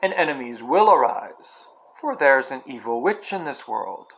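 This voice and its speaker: A man's voice: mid-range voice, big pitch swings, measured pace, gravelly, fairly bright tone, voice pushed down, exaggerated voice, low-quality recording. Aslan, a man reading a solemn kingly lion. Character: great male lion, solemn, kingly and kind.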